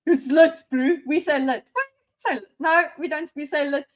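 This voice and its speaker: Woman, 30s, streamer, high voice, sarcastic, animated reaction commentary. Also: moderate pace, rough recording.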